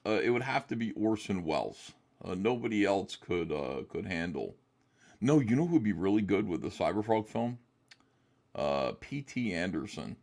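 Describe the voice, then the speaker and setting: Man, low voice, gravelly, rambling casual talk, lots of ums. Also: big pitch swings, moderate pace, a little mellow. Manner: rambling, hesitant with many fillers. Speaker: guest comic artist. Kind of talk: casual interview chat.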